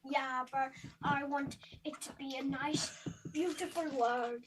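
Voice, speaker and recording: A woman's voice: high-pitched, steady tone, measured pace, background noise, pitched above the performer's own voice. A woman putting on a preachy little girl activist. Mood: earnest. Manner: earnest, preachy, rambling. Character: earnest young girl climate activist.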